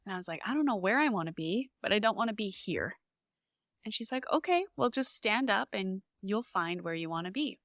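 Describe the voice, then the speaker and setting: A woman in her thirties, a podcast guest, telling her birth story in an animated way and acting out what people said. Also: medium pitch, a little fast, no room sound.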